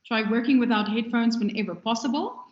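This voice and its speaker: Higher-voiced woman lecturing in an echoey room. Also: a little fast. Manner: conversational, gestures freely with her hands. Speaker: radio production lecturer. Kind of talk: recorded lecture. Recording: echoey room, dull lo-fi sound.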